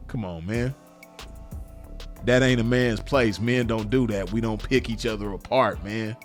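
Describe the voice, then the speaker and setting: A man's voice: lowish voice, a little slow, faint music behind. A man, speaking in a blunt, profane, repetitive unscripted monologue to camera. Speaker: vlogger.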